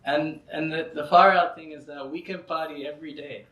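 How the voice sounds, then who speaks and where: Guy lecturing, telling funny stories, laughs a lot, says you know, bright voice, echoey hall, mic far off. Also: a little high, fairly quick. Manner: lively storyteller, laughs often, frequent "you know". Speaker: lecturer at a devotional gathering. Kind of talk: anecdotal religious lecture. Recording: roomy hall from a distant mic.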